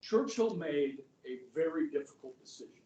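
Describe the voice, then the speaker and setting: A man teaching history to a class, loose and conversational, tossing in "okay" and "guys" as he goes. His voice sits high. It is picked up from across an echoey classroom. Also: animated, moderate pace, warm tone, far from the mic, dull audio. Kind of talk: classroom lecture.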